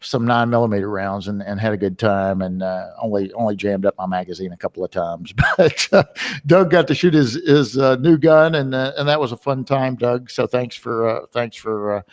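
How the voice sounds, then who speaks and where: A male webinar host talks in a loose, rambling way, filling his sentences with ums and uhs. His voice sits at an ordinary middle pitch. It carries a long, hall-like reverb. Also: steady tone, moderate pace. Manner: rambling and chatty, with many filler words. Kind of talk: casual webinar talk.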